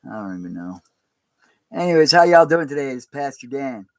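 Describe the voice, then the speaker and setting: A man who is a pastor, talking in a casual, rambling and halting way on a livestream. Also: medium pitch, very animated, no echo.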